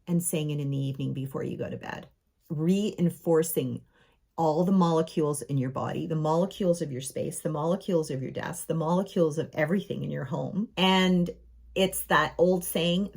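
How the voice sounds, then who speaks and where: Addressing the camera as her friends, this middle-aged space and home coach offers enthusiastic, affirming motivation about their homes. She speaks in a lowish, warm voice.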